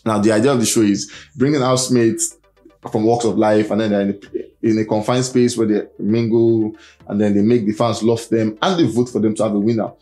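A man's voice: on the low side, fairly even intonation, a little fast, warm tone. A young man hosting a casual entertainment news roundup, chatty and full of fillers, over faint music. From Nigeria. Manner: chatty, reads out fan comments, frequent fillers.

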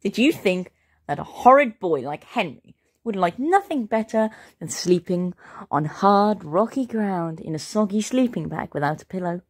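A woman reading a children's story aloud as a storyteller, expressive and playful. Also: mid-range voice, moderate pace.

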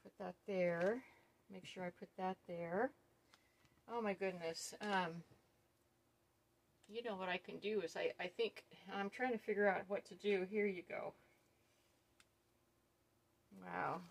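A woman's voice: medium pitch, steady tone, unhurried, creaky. A middle-aged woman chatting casually as she unboxes gifts, gushing and awestruck, with many ums. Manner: gushing, awestruck, full of fillers. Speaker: doll collector vlogger.

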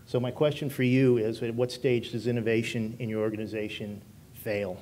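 A man's voice: medium pitch, flat delivery, normal speed, darkish tone, slight background noise. A man presenting at a business conference, speaking to the audience and asking them questions. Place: conference room.

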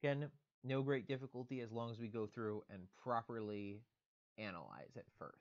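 A man's voice: mid-range voice, moderate pace, a little mellow, highs cut off. A man giving a recorded online lecture, explaining grammar step by step in a methodical way with casual fillers.

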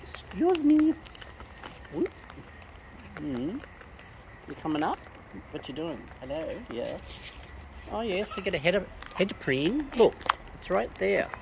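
A woman teases and coos at wild cockatoos in baby talk while feeding them outside. She speaks low, creaky and unhurried, with animated intonation and frequent pauses, over bird calls and outdoor ambience in a noisy recording.

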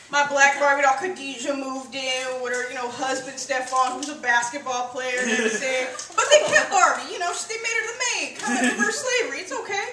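A young woman with a high, bright, forceful voice does a profane, brash comedy set, hitting her lines punchily. She's recorded from a distance in an echoey room with slight background noise.

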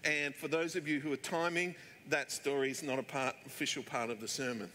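A man's voice: medium pitch, steady tone, a little fast, pushed and bright, a little hiss or hum. A middle-aged man preaching a sermon, telling stories in a chatty way with plenty of fillers. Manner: chatty storyteller, many fillers. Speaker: pastor. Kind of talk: sermon with anecdotes. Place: church hall. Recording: echoey church hall.

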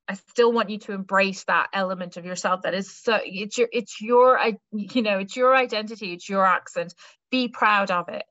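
A woman's voice: mid-range voice, a bit bright, dry recording, lo-fi sound. A woman careers adviser giving a university careers webinar talk, chatty and reassuring, with many fillers.

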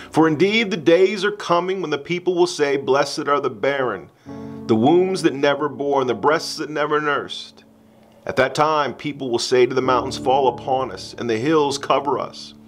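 A grave, sorrowful teacher facing death, as a male reader voices him, speaking slowly and quietly at an average pitch. Faint instrumental music hums behind the words. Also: lightly acted.

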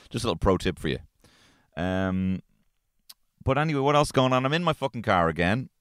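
An Irish man hosting a comedy podcast, recorded in the close, dead space of his car. His voice sits on the low side but bounces up and down constantly. He rants with exasperated, profane energy. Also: expressive, moderate pace, pauses often, a bit bright, smooth, dry recording. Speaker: podcast host. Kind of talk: solo comedic podcast rant. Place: inside his parked car.

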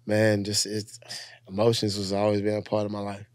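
Laid-back low-voiced man from Louisiana. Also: normal speed, dry recording, clean studio sound. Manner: relaxed, loose, laughs a lot, trails off into fillers. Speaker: guest comedian and entrepreneur. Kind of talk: casual chat. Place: kitchen.

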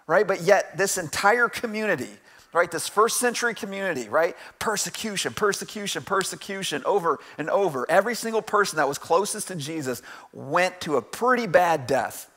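A man in his forties gives a casual, conversational sermon in a church. His voice sits a little high for a man. He keeps checking in with "right?" and laughs easily as he goes. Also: expressive, moderate pace, pushed and bright. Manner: conversational, asks "right?" often, jokes and laughs. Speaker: pastor. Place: church sanctuary.

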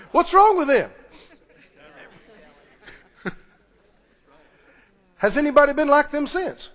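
A man preaching a sermon as pastor, retelling scripture with animated, dramatic delivery. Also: extremely high pitch, slow, long pauses, in a large hall.

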